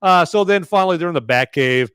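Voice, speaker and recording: A man's voice: high-pitched, lively intonation, quick pace, fairly bright tone, clean tone, no room sound, clean studio sound. A man from the United States hosting a live movie review podcast, rambling in casual chat with lots of fillers and restarts. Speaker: podcast host.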